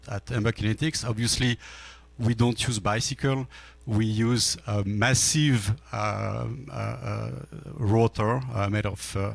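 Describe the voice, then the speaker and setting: A man in his fifties from France with a French accent, giving halting panel remarks at a business forum with many fillers and restarts. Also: on the low side, gravelly. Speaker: panel speaker, energy storage executive.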